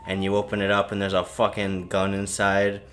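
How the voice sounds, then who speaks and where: A man's voice: on the low side, completely flat delivery, brisk, loud music behind the voice. A tipsy man on a podcast, rambling loosely through a story and laughing at his own bits. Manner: rambling, laughing, silly put-on quote voices. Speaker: podcast co-host. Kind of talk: casual drunken story retelling.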